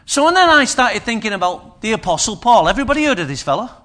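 Guy preaching, high bright voice, chatty and jokey but punchy. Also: very animated, quick pace. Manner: conversational, humorous, emphatic preaching. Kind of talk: sermon.

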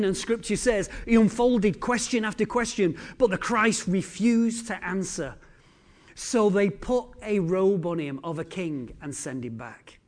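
A male preacher delivering a sermon as dramatic storytelling, swinging between loud declarations and hushed lines. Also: high voice.

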